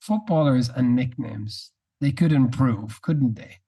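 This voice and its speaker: A man co-hosting a casual podcast chat, setting quiz questions in a measured, wry way. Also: medium pitch, dark tone, husky. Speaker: podcast co-host.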